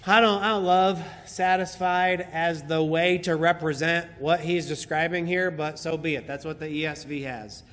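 High-ish voiced guy preaching slow, echoey church hall. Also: pushed and bright. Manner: slow, emphatic Bible exposition, repeating key phrases. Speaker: pastor. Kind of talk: sermon. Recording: hall reverb.

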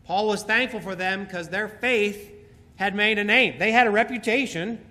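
A man preaching a sermon, slowly and emphatically explaining a Bible passage and repeating key phrases. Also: sits high, sharp tone. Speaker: pastor. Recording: hall reverb.

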